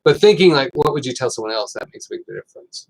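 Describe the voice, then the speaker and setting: A middle-aged man hosting a casual health talk, telling stories with lots of fillers and getting animated. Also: a little high, fast talker, rough recording. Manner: rambling, animated storytelling with fillers. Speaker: host.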